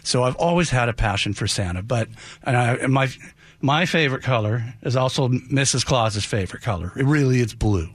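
A man's voice: mid-range voice, expressive, a little fast, no echo. Older man, heartfelt radio guest. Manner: earnest, heartfelt storyteller. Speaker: radio studio guest, Santa performer. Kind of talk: casual on-air interview. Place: radio studio.

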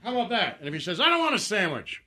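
A man's voice: high-pitched, sing-song, racing, sharp tone. A man co-hosting a casual podcast chat, sarcastic and blunt. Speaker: podcast co-host.

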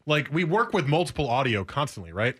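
A man's voice: mid-range voice, sing-song, a little fast, slightly rough. A man hosting sports radio, joking and teasing in casual banter.

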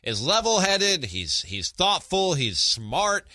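Man, podcast host, bright voice, dry close sound, casual sports talk, conversational. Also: high voice, sing-song, takes it slowly, no echo. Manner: conversational, restarts phrases often.

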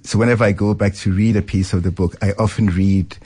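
Novelist guy on a radio interview, deep husky voice, thoughtful. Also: steady tone, mellow. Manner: reflective, measured. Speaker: novelist guest.

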